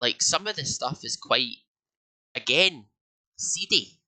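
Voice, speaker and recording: A man's voice: mid-range voice, lively intonation, slow, sharp tone, rough recording. A young Scottish man co-hosting a casual podcast, rambling with many fillers and restarts. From Scotland. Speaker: podcast co-host. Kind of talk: casual chat.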